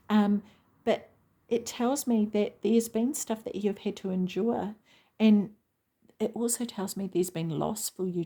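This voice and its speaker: A woman's voice: mid-range voice, mellow. A woman giving a casual tarot reading, reading card meanings aloud and breaking in with enthusiastic comments. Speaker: tarot reader.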